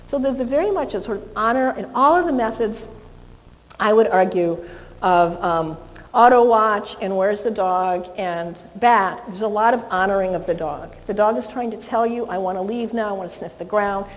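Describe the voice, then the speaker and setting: A woman's voice: medium pitch, normal speed. A woman dog trainer presenting a live seminar demonstration to an audience, explaining in a chatty way with many fillers and restarts. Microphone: handheld microphone. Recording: echoey hall, faint ambience.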